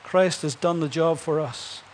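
High-voiced preacher man telling stories. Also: measured pace, slight background noise. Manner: storytelling preacher, builds to emphatic punchlines; chuckles between points. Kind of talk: sermon.

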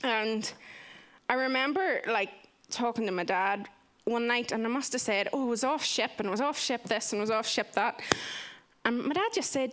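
A young woman sharing a personal testimony in earnest, expressive storytelling. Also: fairly high pitch, normal speed. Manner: earnest and expressive, acting out quoted voices. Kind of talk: candid storytelling talk.

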